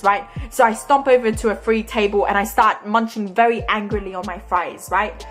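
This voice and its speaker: A woman's voice: mid-range voice, fairly even intonation, moderate pace. Young Australian woman vlogger, chatty storyteller, with faint music behind her. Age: young adult. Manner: chatty, tags nearly every sentence with "right?". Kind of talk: storytime narration.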